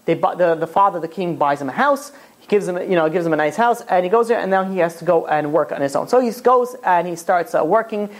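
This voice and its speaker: Fast-talking rabbi telling a story. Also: male voice, sits high, animated. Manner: rambling, loose storytelling full of "you know" and "he's like". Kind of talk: storytelling in a Torah talk.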